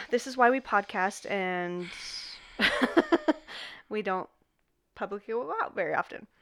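A woman's voice: medium pitch, a little slow, fairly bright tone, no echo. A woman co-hosting a casual podcast, telling a story with a laugh and plenty of swearing. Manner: casual, laughing, reads case notes with swearing. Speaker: podcast co-host.

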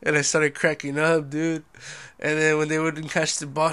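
A man's voice: a little high, monotone, moderate pace, pushed and bright, clean tone. Laid-back young guy podcasting solo. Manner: laid-back, heavy swearing, lots of "dude". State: tipsy and sluggish. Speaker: podcast host. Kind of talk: casual solo podcast chat.

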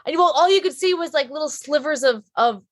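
A woman's voice: high voice, animated, a little fast, dry recording. A woman guest actress chatting casually on a podcast, rambling with many fillers and restarts.

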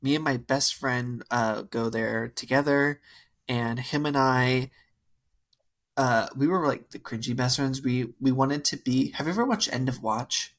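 With a mid-range voice and a slightly slow delivery, a young podcast co-host chats casually about a wild dating experience. He's animated, uses lots of fillers, and plays out the quotes.

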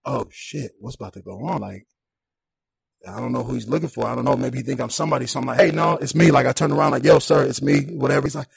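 A young man telling a personal story on a podcast in a casual, animated way, acting out the people in it. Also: medium pitch, fast talker, creaky. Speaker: podcast guest.

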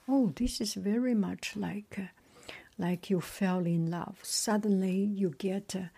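Very slow whispering woman storyteller. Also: on the low side, breathy edge. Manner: soft whisper, chatty asides with slips and restarts.

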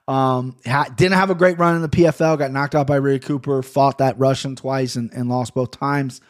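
A man hosting his own podcast, rambling casually and swearing a lot as he talks into a boom-arm studio mic in his home office. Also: steady tone, normal speed. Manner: rambling, profane, chatty. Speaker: podcast host. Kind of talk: casual solo podcast monologue.

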